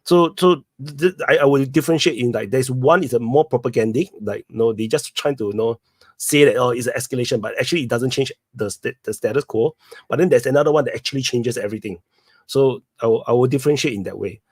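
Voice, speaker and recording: A man's voice: mid-range voice, fast, a little mellow, husky, dry recording. A man on a video call in a casual political discussion, speaking earnestly with slightly unusual phrasing. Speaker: open mic panelist.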